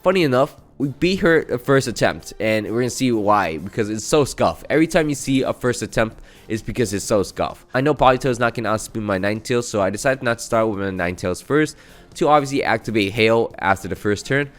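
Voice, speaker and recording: A man's voice: mid-range voice, lively intonation, fast, soft background music. A man giving a casual recap of a video game run, chatty and self-mocking as he rattles through each battle move. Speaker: gaming channel host. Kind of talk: casual gameplay recap commentary.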